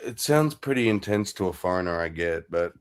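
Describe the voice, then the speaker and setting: A man's voice: deep voice, animated, brisk, clean tone. Laid-back, sweary Australian man. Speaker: streamer host. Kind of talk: casual chat.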